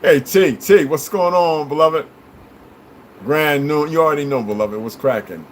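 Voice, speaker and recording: Male streamer, slightly high voice, blunt and profane, preachy rambling delivery. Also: moderate pace, slight background noise, low-quality recording. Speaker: livestream host talking to viewers. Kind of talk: rambling casual livestream chat.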